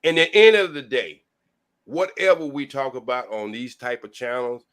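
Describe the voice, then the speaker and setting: A man's voice: mid-range voice, animated, normal speed, fairly bright tone, clean tone. A man talking casually on a live-stream panel, folksy and preachy. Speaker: panel guest.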